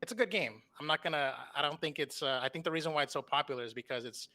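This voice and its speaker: A man's voice: fairly high pitch, fast talker, sharp tone. A man appearing as a guest on a gaming podcast over an online call, talking in an enthusiastic, rambling way with casual swearing. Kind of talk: casual chat.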